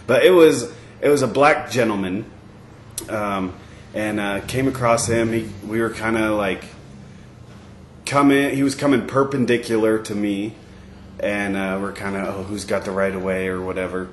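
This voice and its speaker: A man co-hosting a podcast, telling a story in a rambling way with many pauses and fillers. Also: lowish voice, reverberant, a little hiss or hum. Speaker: podcast co-host. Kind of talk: casual chat.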